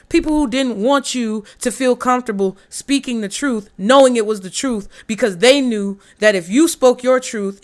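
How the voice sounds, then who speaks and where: A woman tarot reader with a bright, fairly high voice. She talks straight to camera in a blunt, profane and animated way. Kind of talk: casual tarot reading to camera.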